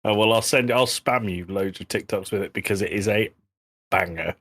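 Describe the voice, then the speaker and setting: A man's voice: lowish voice, moderate pace, a bit bright. A British man co-hosting a comedy podcast, chatting casually and rambling through jokes. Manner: joking, rambling. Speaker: podcast co-host.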